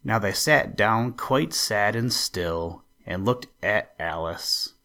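A man hosting a story podcast, reading a children's classic aloud in a calm, unhurried way. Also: lowish voice. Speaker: storyteller host.

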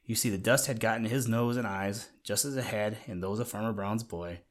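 A man reading a children's storybook aloud in a gentle way, talking to the listener now and then. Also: lowish voice, a little fast. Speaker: narrator.

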